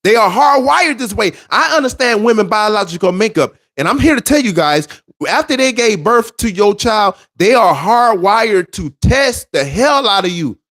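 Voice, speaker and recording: Brief: high-voiced man, relationship-advice monologue, preachy, emphatic, lively swings. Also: moderate pace. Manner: emphatic, repetitive, street-preacher cadence.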